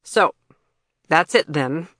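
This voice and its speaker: A storybook narrator voicing a hostile woman accuser who speaks harshly and forcefully. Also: mid-range voice, animated, slow pace, no echo, studio quality. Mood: cold.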